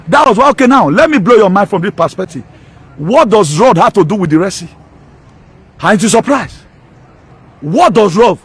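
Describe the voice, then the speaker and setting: A high-pitched, slightly rough-voiced pastor with a Nigerian accent preaches an impassioned sermon. He's emphatic, driving points home with rhetorical questions and mixing in Pidgin and local words.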